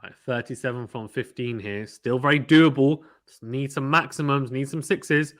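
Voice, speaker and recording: A man from the United Kingdom hosts a casual cricket watchalong at a mid-range pitch. He chats easily, reads out viewers' comments, and his voice lifts when a big shot is played. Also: normal speed. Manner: chatty, reads viewer comments aloud, gets excited at big shots. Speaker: host reading live chat.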